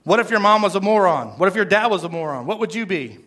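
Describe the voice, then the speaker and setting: A man preaching voices an angry young female teacher who scolds loudly. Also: sits high, expressive, quick pace. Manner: loud, scolding.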